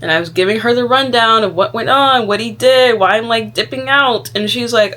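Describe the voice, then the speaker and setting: A young woman giving a frank, animated advice monologue, talking casually and saying "like" often. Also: fairly high pitch, brisk, few pauses. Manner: frank, animated, heavy use of "like". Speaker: vlogger.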